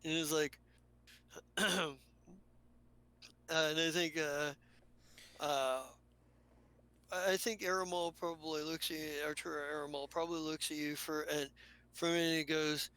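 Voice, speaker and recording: Bright-voiced man running a tabletop game. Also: fairly high pitch, level tone, a little slow, long pauses, clear, resonant tone, low-quality recording. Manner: rambling, many restarts. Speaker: game master.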